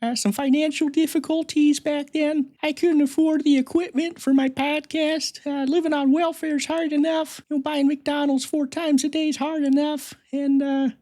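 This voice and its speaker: A man's voice: very high voice, flat delivery, moderate pace, few pauses, mellow, voice pushed up. A man voicing a pompous, nerdy male superfan podcaster who brags, rambles and giggles. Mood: sheepish. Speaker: fake guest.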